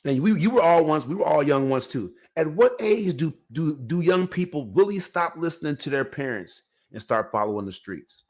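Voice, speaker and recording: A man's voice: fairly high pitch, lively intonation, moderate pace, few pauses, a little mellow. A man hosting a podcast, telling a story in a rambling, slangy way and talking straight to his viewers. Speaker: podcast host. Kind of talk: casual storytelling monologue.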